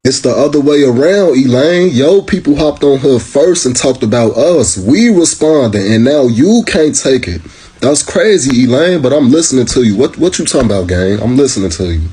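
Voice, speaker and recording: American man, mellow husky voice, sarcastic slangy reaction commentary. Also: medium pitch, lively intonation, moderate pace. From United States. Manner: sarcastic, repeatedly addresses the clip, slangy.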